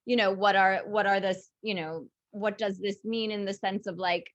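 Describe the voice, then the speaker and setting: A woman's voice: mid-range voice, steady tone, normal speed, dry recording, lo-fi sound. A woman writer being interviewed, talking in a loose, rambling way with frequent fillers and light teasing. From United States. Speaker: author guest. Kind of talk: casual interview chat.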